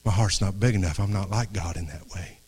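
A man of middle age delivering a heartfelt sermon in a drawl. His fairly low voice sinks to near-whispers, then climbs with fervor, and he stumbles back over his words as he goes. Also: fairly quick, slight background noise. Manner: earnest, swings from hushed to raised, restarts phrases. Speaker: pastor. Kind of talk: impassioned sermon. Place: church before a congregation.

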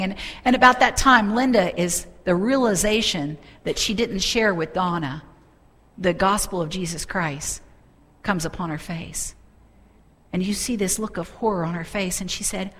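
A middle-aged woman preaching a sermon, telling a story with fervent, animated delivery. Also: mid-range voice, moderate pace, big-room sound.

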